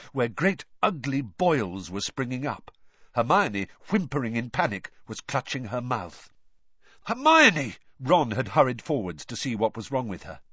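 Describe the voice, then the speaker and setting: A man narrating a story aloud with expressive, animated storytelling. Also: medium pitch, no echo. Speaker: audiobook narrator. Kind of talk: scripted narration. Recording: dull dry lo-fi audio.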